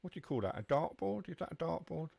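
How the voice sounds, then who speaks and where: A man's voice: a little high, animated, quick pace, gravelly, dark tone, husky, no echo. A man streaming a train simulator, chatting casually with his viewers as he drives. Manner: chatty, answers chat while driving. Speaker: game streamer. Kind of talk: live gameplay commentary.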